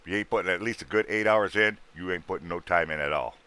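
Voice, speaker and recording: A man hosting a livestream, bluntly pitching ghost hunting gear in rough, casual sales patter. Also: fast, sharp tone. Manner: rough-spoken, blunt, salesman patter with sound-effect noises.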